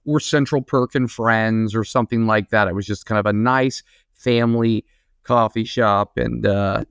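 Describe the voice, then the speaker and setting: A man's voice: lowish voice, steady tone, moderate pace, creaky, fairly bright tone, clean tone, dry recording, studio quality. A young man co-hosting a podcast, teasing his friend in a playful, casual way with lots of restarts. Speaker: podcast co-host.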